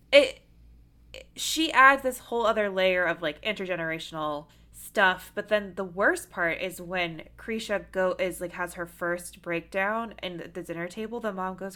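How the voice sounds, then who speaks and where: A woman talks casually on a podcast, her bright, forceful voice sitting a little low. She is animated, full of fillers, and breaks into big laughs. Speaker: podcast co-host. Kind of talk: casual film discussion.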